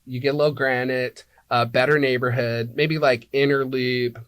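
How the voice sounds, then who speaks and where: A man's voice: mid-range voice, little pitch movement, normal speed, a bit bright, clear, resonant tone, no room sound. A man being interviewed as an apartment locator, explaining things like a teacher and checking in with "right?" and "okay?" as he goes.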